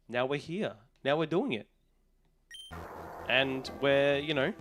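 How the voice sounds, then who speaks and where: A man's voice: medium pitch, normal speed, soft background music. A young Australian man chatting casually on a live stream, rambling and a bit tired, with some yawning. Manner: rambling, chatty, talks to chat while resetting a game.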